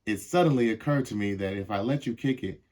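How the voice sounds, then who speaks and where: A man's voice: on the low side, a little fast, a little mellow, lightly acted. A man voicing a bossy, teasing cartoon girl in a storybook reading, with a sly sing-song manner.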